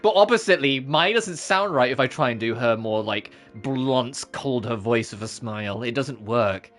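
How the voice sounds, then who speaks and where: A streamer talking casually between lines of a game, rambling and peppering sentences with "like". The pitch moves around a lot. The tone is bright and forward. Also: lively intonation, moderate pace, soft background music. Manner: rambling, full of "like". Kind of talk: casual let's-play commentary.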